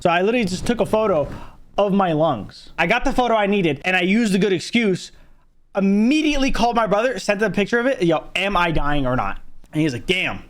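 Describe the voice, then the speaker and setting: A young man tells a story from his own life to a livestream, and he swears freely. His voice sits high and swings wide, and it jumps up sharply when he is outraged. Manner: animated, profane, jumps to high exclaims. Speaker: streamer telling a story.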